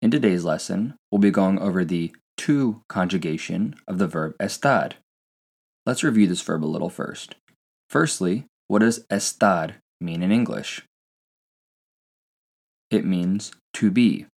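A man hosting a scripted Spanish lesson for English speakers, slowing down to model each example phrase carefully. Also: low-pitched, lively intonation, vocal fry, a little mellow, husky. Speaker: Spanish teacher.

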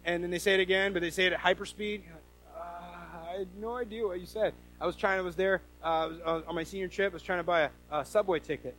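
Male preacher from the Northwest, higher-pitched, lively sermon delivery with acted-out quotes. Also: quick pace, faint music behind, low-quality recording. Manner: animated storytelling with quoted voices. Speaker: pastor.

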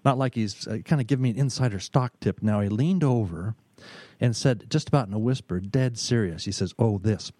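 A middle-aged man, a business consultant, telling stories in an emphatic talk, pausing often and repeating words. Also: medium pitch, a little mellow, no room sound. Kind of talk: storytelling talk.

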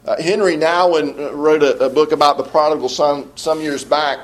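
A male pastor preaching a sermon, often restarting his phrases and slowing to stress key words, letting sentence ends fall low and quiet. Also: fairly even intonation.

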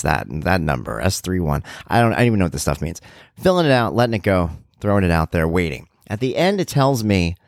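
A man's voice: fairly low pitch, a little mellow, dry recording, studio quality. A middle-aged man hosting a podcast, telling a rambling, self-deprecating story in a casual monologue. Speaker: podcast host.

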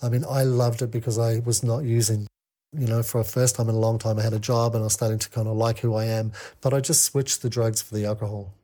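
A man telling a candid personal story as a podcast guest, halting with many fillers and restarts. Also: mid-range voice, level tone, dark tone.

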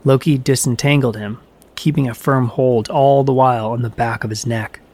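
A man reading a myth aloud as a storyteller, in an even, measured way. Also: mid-range voice. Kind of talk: scripted narration of a myth.

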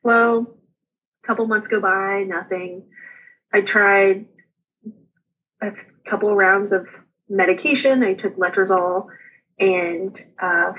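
A young woman with a slightly husky voice tells her own story as a guest on an interview show. She talks casually and quickly, with chatty asides, and laughs often through her anecdotes. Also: medium pitch, lo-fi sound.

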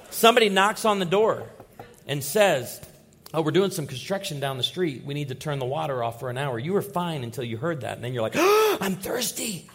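A man preaching a sermon in church, telling stories with lively acted-out voices. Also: medium pitch. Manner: animated storytelling with acted-out voices. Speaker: pastor.

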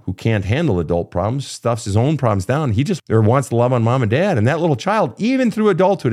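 A therapist host in his fifties, with a mid-range and slightly mellow voice, coaches a guest through childhood pain. His emotional coaching style is blunt, profane, and impassioned.

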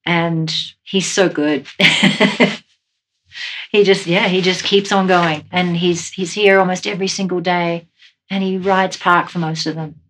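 A woman speaking in a relaxed, admiring way in a casual interview. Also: fairly low pitch, unhurried, slight background noise.

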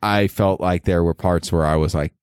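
Low-voiced man recapping a movie. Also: steady tone, moderate pace, a little mellow, smooth, dry recording, clean studio sound. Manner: recaps the plot, agrees readily. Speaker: podcast co-host. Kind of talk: casual movie-review chat.

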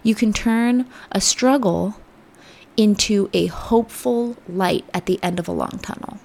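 A woman hosting a podcast, giving an earnest, reflective motivational talk that sometimes drops to soft near-whispers. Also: mid-range voice, measured pace, gravelly. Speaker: podcast host. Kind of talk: motivational self-help talk.

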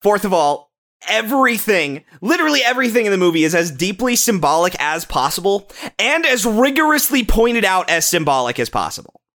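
A young man co-hosting a casual podcast, talking excitedly about a film, swearing often and restarting his sentences. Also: high voice, a little fast. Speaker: podcast co-host. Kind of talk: casual movie-review chat.

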